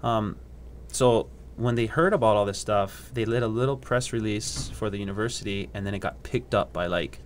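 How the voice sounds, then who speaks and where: On a podcast, a guest who surfs and works as a scientist swaps casual surf stories, mimicking other people's voices and laughing a lot. The young Hawaiian man speaks at a fairly low pitch and moderate pace, with slight background noise.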